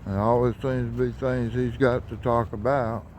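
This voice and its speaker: Man, railfan vlogger, flat monotone delivery, outdoors by the tracks on a phone mic, faint background noise. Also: mid-range voice, normal speed. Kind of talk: casual narration while filming trains. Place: outdoors by railroad tracks at dusk.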